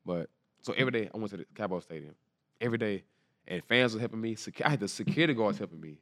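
Man, low voice, rapid animated storyteller, interview guest. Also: no echo, studio quality. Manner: animated, quick storytelling with slang and repeated quotes. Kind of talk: casual storytelling.

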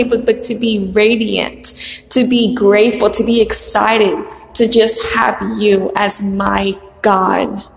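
A woman's voice: on the high side, gravelly. Fields: Sex: woman. Style: fervent faith testimony. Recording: echoey hall. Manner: earnest, fervent, repetitive phrasing. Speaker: single church member sharing testimony. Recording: echoey hall with long reverb.

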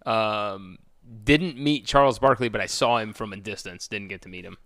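A man's voice: on the low side, moderate pace, a bit bright, no room sound, clean studio sound. A man co-hosting a podcast, joking and teasing in casual chat. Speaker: podcast co-host.

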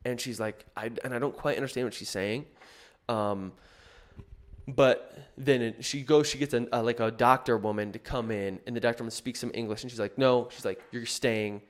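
A man with a medium-pitched, steady voice speaks at normal speed. He tells a personal story casually, rambling and correcting himself, with lots of fillers and restarts.

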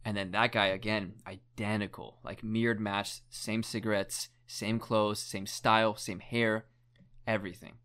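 Rambling young man with a lowish voice. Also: flat delivery, unhurried, a bit bright, clean tone. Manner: rambling, heavy use of "like", swears casually. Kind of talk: casual chat, retelling a documentary.

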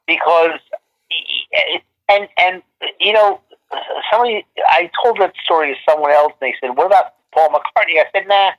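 A man's voice: high voice, normal speed. Rambling man with a muffled voice. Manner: rambling, many restarts and fillers. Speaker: photographer guest. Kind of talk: casual storytelling interview. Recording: muffled lo-fi line.

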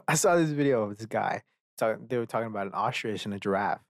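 A man's voice: on the low side, lively intonation, a little fast, no echo. Young male podcast host, loose profane rant, dry close sound. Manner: profane, rambling storyteller who acts out characters. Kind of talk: casual rant.

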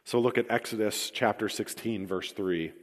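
A man's voice: on the low side, normal speed. Man preaching in a reverberant hall. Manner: storytelling, self-deprecating humor, reads scripture aloud. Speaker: pastor. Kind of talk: sermon.

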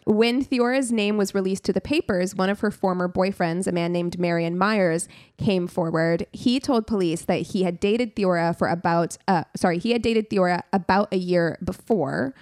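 A woman's voice: lowish voice, moderate pace, a little mellow, dry recording. Woman, podcast co-host, casual true crime storytelling, chatty, dry close sound. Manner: chatty, frequent "like" and "um", laughs often.

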